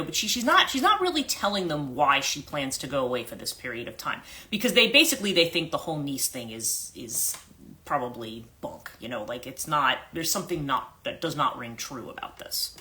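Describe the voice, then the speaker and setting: A woman's voice: deep voice, sharp tone. A woman who works as a life coach, retelling a story in a rambling, casual livestream chat with many restarts and self-corrections.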